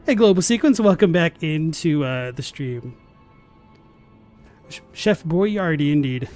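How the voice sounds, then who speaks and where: A young man chatting deadpan and rambling while he plays a game live on stream. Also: fairly high pitch, a little slow. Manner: rambling, filler-heavy. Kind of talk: casual live-stream chat while gaming. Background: faint game music.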